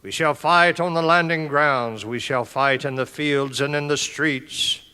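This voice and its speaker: A man doing an impression of an old British wartime leader, with a put-on British accent, giving a slow, weighty, solemn speech. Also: a little high, sharp tone, clean tone. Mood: defiant. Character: defiant elderly British wartime leader, rousing orator. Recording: echoey large hall.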